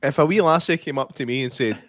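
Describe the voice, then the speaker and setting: A man's voice: mid-range voice, fast talker, a bit bright, dry recording, clean studio sound. A man with a Scottish accent, co-hosting a casual watch-along podcast and telling jokey stories that he laughs at himself. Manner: jokey storyteller, laughs at his own tales. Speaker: podcast co-host.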